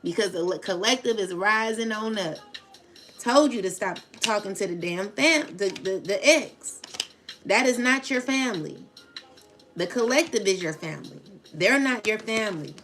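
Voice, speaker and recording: A woman's voice: mid-range voice, expressive, normal speed, fairly bright tone, soft background music. A woman reading tarot for viewers in a casual spoken vlog, talking in a rambling, blunt and profane way. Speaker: tarot reader addressing viewers.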